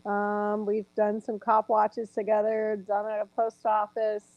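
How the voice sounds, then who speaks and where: A woman's voice: medium pitch, monotone, measured pace. A woman, a guest chatting plainly on a live stream. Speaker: guest auditor. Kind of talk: casual live-stream chat. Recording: dull lo-fi call audio with hum.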